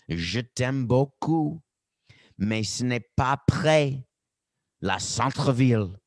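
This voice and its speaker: Sarcastic middle-aged male sports podcast host, dry close studio mic, mid-pitched voice. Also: dry recording. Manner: sarcastic, animated rants with mock quotes. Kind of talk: opinionated sports commentary. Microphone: studio microphone with earpiece.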